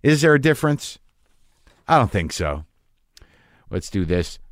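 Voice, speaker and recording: A man's voice: lowish voice, very animated, measured pace, dry recording, studio quality. A man hosting a podcast, delivering a rambling, self-deprecating and profane comic monologue. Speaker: podcast host.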